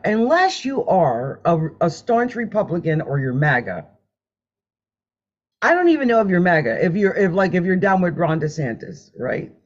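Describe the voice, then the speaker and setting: Woman tarot reader on a live stream: chatty, laughs a lot, very expressive pitch, muffled audio. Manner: chatty, animated, laughs often, hums while drawing cards. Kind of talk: live-stream card reading. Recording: dull lo-fi sound.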